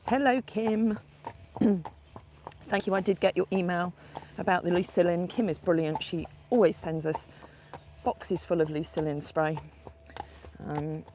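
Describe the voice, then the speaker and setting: A woman's voice: fairly low pitch, warm tone. A woman hosting a live stream from horseback, chatting and greeting viewers by name. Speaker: horse sanctuary host. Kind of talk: live-stream chat while riding. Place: outdoors on horseback at a farm. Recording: outdoor noise with passing vehicles.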